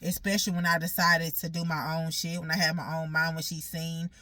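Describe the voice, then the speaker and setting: Deep-voiced and flat, this woman talks fairly quickly in a pushed, bright tone, with no echo in the recording. Her emotional monologue about her own life is blunt, full of profanity and repetition, and she comes across as wounded and aggrieved.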